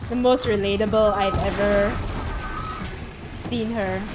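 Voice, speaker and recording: A woman's voice: medium pitch, steady tone, unhurried, music in the background. A young woman streaming a video game, venting her frustration in casual chat with her viewers. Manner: exasperated, venting, chatty with viewers. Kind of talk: casual live-stream commentary.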